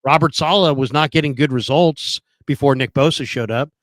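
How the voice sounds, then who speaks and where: A man's voice: mid-range voice, a little fast, fairly bright tone, no room sound. A man co-hosting a casual sports talk show, arguing his points with pointed questions and frequent restarts over a remote call. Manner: argumentative, questioning, many restarts. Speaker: podcast co-host.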